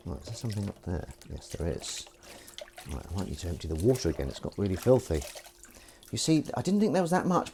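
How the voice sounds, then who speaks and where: A man's voice: mid-range voice, dark tone, husky. A man hosting a live stream, chatting casually and playfully while doing the washing up in his kitchen. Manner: playful, chatty, jumps into sing-song voices. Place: home kitchen at the sink.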